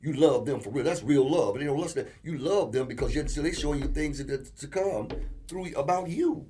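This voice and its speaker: A man co-hosting a casual relationship talk show, telling animated stories and acting out quotes. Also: fairly high pitch, a little fast. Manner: animated storyteller, acts out quotes. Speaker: co-host.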